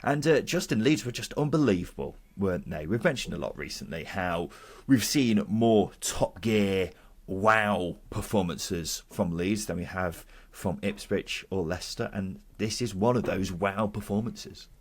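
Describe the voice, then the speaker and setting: A man from England hosts a casual football podcast in a low, slightly husky voice. He sounds upbeat and jokey, leading the chat and reading listener comments aloud. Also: animated, measured pace. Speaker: podcast host.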